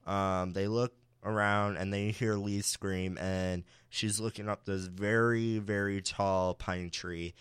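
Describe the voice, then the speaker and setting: A man's voice: fairly low pitch, little pitch movement, slow, few pauses, clear, resonant tone, no room sound. A young man co-hosting a podcast, recapping a show in casual chat with sassy asides and frequent laughs. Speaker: podcast co-host.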